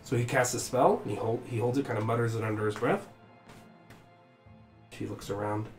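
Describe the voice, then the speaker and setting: Guy game master, halting and full of ums, echoey room with music under. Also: on the low side, steady tone. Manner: halting, hesitant, many fillers. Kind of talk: narrating a tabletop game.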